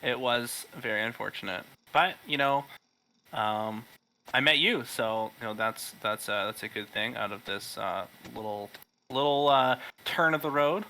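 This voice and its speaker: A man playing a tabletop game, talking in a casual way with hesitant fillers. His voice is bright and forward, and his pitch sits in the middle. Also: a little slow. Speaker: player. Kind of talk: tabletop game role-play.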